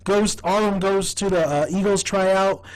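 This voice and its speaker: A man giving a casual, rambling fan review of a TV comedy. He gets excitable, laughs often and swears freely. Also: high voice, moderate pace, rough recording. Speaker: TV show reviewer.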